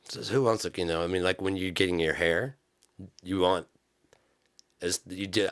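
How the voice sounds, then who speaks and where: A man doing a comedic ranting gear review. He swears a lot and swings from low muttering to loud shouting. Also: steady tone, normal speed, smooth.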